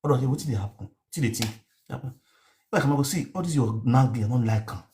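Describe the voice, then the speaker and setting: On a live stream, an online show host with a Nigerian accent tells a rambling, animated story at a quick pace in a medium-pitched voice. He repeats words and blends pidgin with a local language, with a little hiss or hum in the audio.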